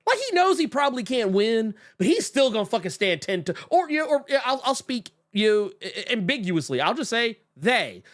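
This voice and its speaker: Animated, profane male podcast co-host. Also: very high-pitched, brisk, few pauses. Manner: animated, profane, acts out characters mockingly. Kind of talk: casual chat.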